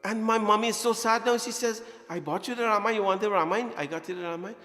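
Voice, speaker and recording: A man's voice: sits high, fast talker, bright, forceful tone. A man in his forties, a temple priest, telling a childhood story at a prayer gathering, joking, laughing and acting out voices. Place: temple hall. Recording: echoey hall, faint music behind.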